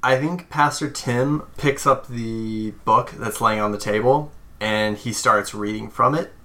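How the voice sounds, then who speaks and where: A man narrating a tabletop role-playing game as game master, halting and rambling with many fillers. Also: mid-range voice, pushed and bright.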